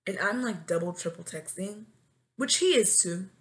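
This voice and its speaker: A woman's voice: mid-range voice, expressive, normal speed. A woman in her twenties, a new teacher, chatting casually on her solo podcast and breaking into dramatic comic wails. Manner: dramatic, swings into wailing and shouting for comic effect. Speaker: podcast host.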